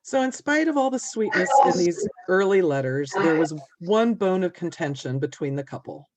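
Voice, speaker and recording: A woman from a museum narrating a local history story calmly and clearly, with small fillers. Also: lowish voice, moderate pace, very noisy. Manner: calm, explanatory, with small fillers. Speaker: museum presenter.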